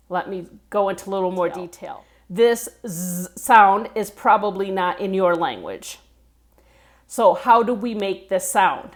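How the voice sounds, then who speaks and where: Slow, deliberate woman coaching pronunciation. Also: mid-range voice. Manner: slow, deliberate, spells out letters and repeats words. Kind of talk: pronunciation lesson.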